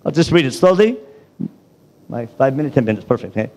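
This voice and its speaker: A man, a rabbi, giving a lively Bible lecture in a college hall, quizzing the audience and tossing off quick asides. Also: mid-range voice.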